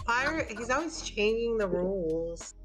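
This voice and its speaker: A woman playing in a tabletop game, chatting casually and eagerly pitching ideas. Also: animated, measured pace, poor audio. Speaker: player. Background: background music.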